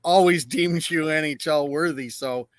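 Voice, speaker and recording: A man's voice: on the high side, measured pace, dry recording. A man co-hosting a podcast, chatting casually and affirming his guest. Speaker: podcast co-host.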